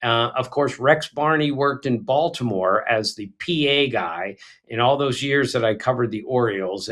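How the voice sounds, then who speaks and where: Male sports podcast co-host, mid pitch, anecdotal, stumbles and restarts. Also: fairly bright tone. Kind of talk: casual sports chat.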